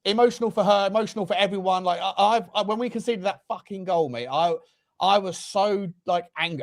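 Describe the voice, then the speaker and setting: A man hosting a football fan show, telling stories in a casual, swearing, animated way. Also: sits high, a little fast. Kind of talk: casual chat.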